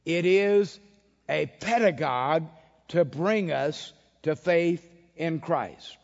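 Male preacher with a fairly high voice, emphatic storytelling delivery, recorded lo-fi in a reverberant hall. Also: takes it slowly, vocal fry. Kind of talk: sermon. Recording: dull lo-fi sound with long hall reverb.

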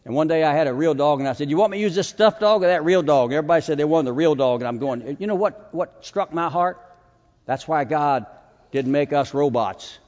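Man preaching in an echoey chapel. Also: on the high side. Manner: swings between loud dog commands and soft, hushed points. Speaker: chapel speaker training a dog. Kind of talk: sermon with a live dog demonstration. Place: seminary chapel hall. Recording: echoey hall, dull lo-fi sound.

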